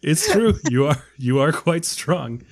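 Higher-voiced man hosting a joking podcast. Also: big pitch swings, a little slow. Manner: joking, rambling, retells conversations. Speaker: podcast host. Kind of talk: casual film podcast chat.

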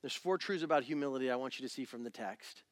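A middle-aged male pastor preaching a sermon in a church, animated and acting out little family scenes. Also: medium pitch, fast, dry recording, clean studio sound. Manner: animated, acts out family scenes in different voices.

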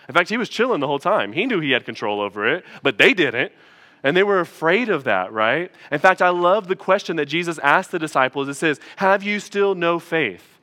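A man preaching a sermon in a loose, chatty way, turning often to the congregation with quick asides. His voice sits a little high and rings bright and forceful. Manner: casual, conversational preaching with frequent asides to the congregation. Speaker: pastor. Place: church.

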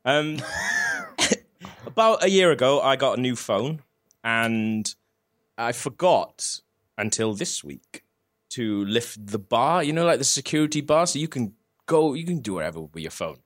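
A man's voice: mid-range voice, lively intonation, a little slow, fairly bright tone. Rambling, swearing podcast host man. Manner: rambling, swearing, laughs often. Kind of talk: casual chat.

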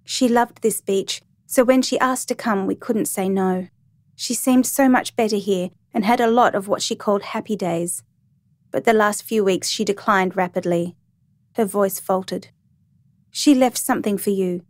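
A woman voicing a gentle, grieving young mother who speaks softly and politely. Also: medium pitch, normal speed, no echo, lightly acted. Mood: sorrowful. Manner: soft, polite, subdued.

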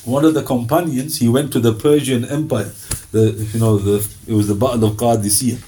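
A man giving a lively, conversational sermon and often slipping into quoted voices. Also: medium pitch, fairly quick, slight background noise, low-quality recording. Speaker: Islamic preacher.

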